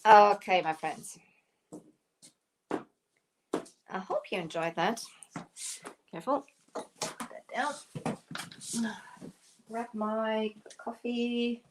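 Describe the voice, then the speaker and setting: A woman with a German accent, German her first language, chats through a live craft stream at an unhurried pace. She giggles often and picks up viewer comments as they come in. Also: fairly high pitch, noisy background. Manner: giggly, laughs often while talking; chatty, reads out viewer comments. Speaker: craft shop owner hosting a live stream. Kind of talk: casual live-stream chat.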